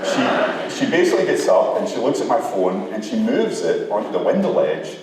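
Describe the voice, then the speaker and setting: A middle-aged man lectures in a hall, mixing explanation with animated, humorous anecdotes. His somewhat low voice carries from a distance, with a long echo ringing around the room and a faint hum of ambience underneath. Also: fairly quick, crowd noise. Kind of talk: lecture with storytelling. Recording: echoey hall, recorded from far off.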